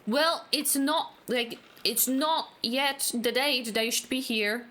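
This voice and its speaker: Brief: woman streamer, casual let's-play chatter, bright, slightly high voice. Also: slow pace, hardly any pauses, slight background noise. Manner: chatty, joking, laughs often. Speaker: gaming streamer.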